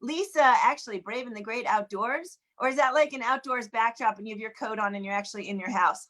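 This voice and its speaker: A woman with a notably high voice hosts a live sing-along over a video call. She chats warmly and casually, greeting one viewer after another by name. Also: fairly quick, hardly any pauses. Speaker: host of an online sing-along. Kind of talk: casual welcoming chat. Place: home, in Washington DC.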